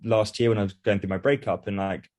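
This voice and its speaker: A man with a fairly low voice tells a personal story in a soft, subdued tone. He speaks quickly but stays reflective throughout the podcast conversation. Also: steady tone.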